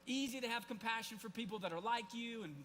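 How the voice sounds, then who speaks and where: A man's voice: very high-pitched, fast, a bit bright, a little hiss or hum. A man in his forties preaching a sermon to a live congregation, telling a personal story in a loose, conversational way full of restarts and asides. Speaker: pastor. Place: church service, live before a congregation.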